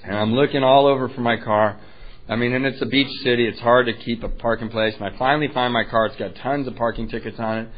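A man's voice: mid-range voice, fairly even intonation, fast talker, muffled recording. A man candidly telling his own recovery story, self-deprecating and wryly funny. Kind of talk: personal storytelling talk.

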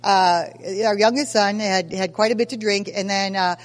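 A woman in her sixties telling stories at a recovery meeting, lively and self-mocking, acting out scenes as she goes. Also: medium pitch, normal speed, long reverb tail. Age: 60s. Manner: animated, self-mocking storyteller who acts out scenes. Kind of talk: personal testimony at a recovery meeting.

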